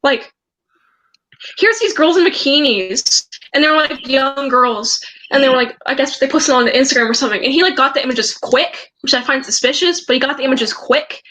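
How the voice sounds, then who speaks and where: A woman's voice: high-pitched, moderate pace, bright, forceful tone, rough recording. A teenage girl vlogger telling a story in a rambling, agitated way, with many restarts. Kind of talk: storytime vlog.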